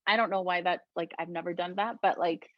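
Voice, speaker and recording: A woman from Colombia, a guest healer, talking gently and reflectively in a casual interview, often laughing. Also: on the low side, fairly even intonation, brisk, no echo, dull audio.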